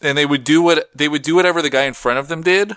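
A man's voice: fairly high pitch, a bit bright, no room sound. A man co-hosting a casual podcast, joking around and riffing playfully. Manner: playful, jokey, swearing, quick riffs. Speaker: co-host.

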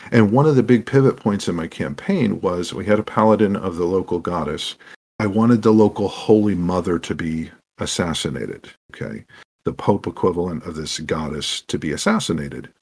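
A man telling animated stories as a podcast guest about running tabletop games, acting out what his players said. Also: sits low, moderate pace, breathy edge. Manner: animated, acts out quoted players. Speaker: podcast guest, game master. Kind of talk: anecdotal interview storytelling.

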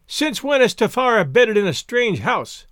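A man's voice: high-pitched, sing-song, a bit bright, no echo, clean studio sound, pitched above the performer's own voice. Man voicing a plaintive old island mother. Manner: plaintive, slow.

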